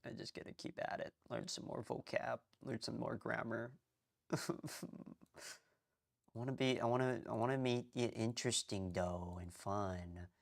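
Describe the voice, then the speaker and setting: A young man live-streaming his language study, rambling and thinking out loud, often muttering to himself and restarting sentences. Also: mid-range voice, fairly even intonation, moderate pace, gravelly. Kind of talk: casual live-stream chatter.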